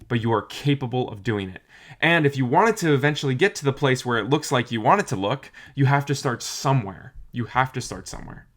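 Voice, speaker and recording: A man's voice: medium pitch, a bit bright. A young adult man giving an earnest, encouraging talk to camera, often repeating phrases for emphasis. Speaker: motivational vlogger.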